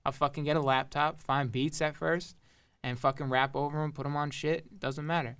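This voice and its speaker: Smooth-voiced young man, rambling casual talk. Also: fairly high pitch, fairly even intonation, moderate pace, fairly bright tone. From Long Island, New York. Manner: rambling, heavy on fillers and swearing. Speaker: rapper and producer guest. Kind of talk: casual interview chat.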